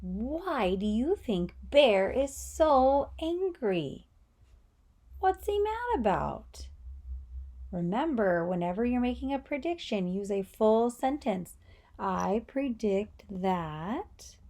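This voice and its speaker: Encouraging teacher guiding young readers, slow and lively, fairly high voice. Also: female voice. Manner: encouraging, asks children questions. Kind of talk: read-aloud reading lesson.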